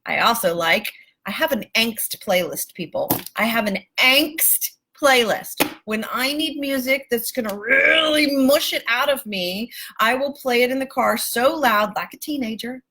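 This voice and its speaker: On her live stream, a female life coach addresses her audience warmly and emphatically, calling them "baby" and "my love" while swearing casually. Her voice is fairly high and slightly rough, animated yet measured in pace.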